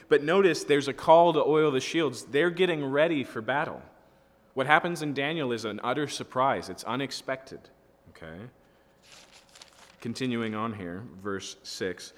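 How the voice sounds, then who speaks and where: A pastor leads a Bible study, reading scripture aloud and unpacking it in an expository sermon with a conversational feel, frequently checking in with listeners. His voice is mid-range and a bit bright, at normal speed, and it sounds like a big room.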